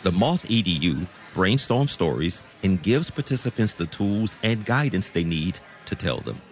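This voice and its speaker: Deep-voiced man introducing a storyteller. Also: sing-song, moderate pace, slight background noise. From Virginia. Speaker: host. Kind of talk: scripted introduction.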